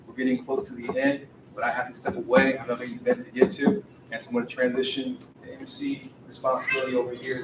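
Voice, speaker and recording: A man making brisk announcements as emcee of a community forum. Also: medium pitch. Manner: brisk, organizing, thanks the audience. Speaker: meeting emcee. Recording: echoey room, far from mic, audible noise.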